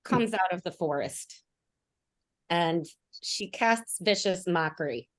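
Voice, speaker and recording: Unhurried woman playing a tabletop game. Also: fairly low pitch, expressive. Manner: hesitant, full of fillers. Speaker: player. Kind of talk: casual tabletop game play.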